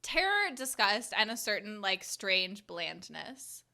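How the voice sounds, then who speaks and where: A young woman co-hosting a casual chat about a movie, talking in a rambling way full of "like" and quick giggles. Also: medium pitch, big pitch swings, vocal fry, sharp tone. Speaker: podcast co-host.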